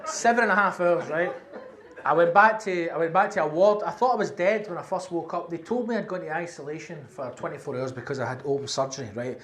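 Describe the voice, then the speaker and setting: A man's voice: a little high, quick pace, a bit bright. A Glaswegian man doing a stand-up comedy set, telling brash, sweary stories and tagging lines with "right?". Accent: Scottish, Glasgow. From Scotland. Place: comedy venue on stage. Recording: roomy live club with faint noise.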